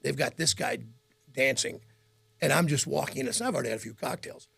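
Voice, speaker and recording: A middle-aged man with a gravelly, raspy voice, a radio host telling rambling stories in a casual interview and laughing often. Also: mid-range voice, brisk. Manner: rambling, animated anecdotes with frequent laughs.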